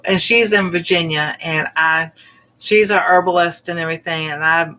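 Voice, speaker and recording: A woman's voice: on the low side, steady tone, normal speed, sharp tone. A woman cooking vlogger telling a personal story in a casual, rambling way, with many fillers and exclamations. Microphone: livestream.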